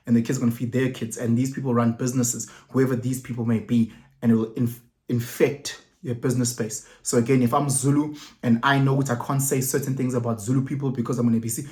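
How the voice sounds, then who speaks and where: Animated South African man giving his opinions. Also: medium pitch. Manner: animated, repeats words and restarts, mixes in Zulu phrases. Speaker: vlogger commenting. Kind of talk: casual opinion monologue.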